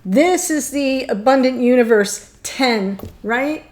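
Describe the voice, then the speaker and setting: Excitable woman tarot reader, choked up. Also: high voice, slow. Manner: excitable, gushing, emotional. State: choked up, near tears. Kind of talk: tarot reading monologue.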